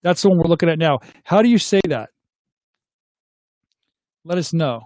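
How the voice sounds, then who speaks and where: A middle-aged man hosts a casual live chat, reading viewer comments aloud and tossing questions back to his audience. His voice sits fairly high for a man. The sound is close and dry. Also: expressive, normal speed, darkish tone, dry recording. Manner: chatty, reads comments aloud and asks viewers to weigh in.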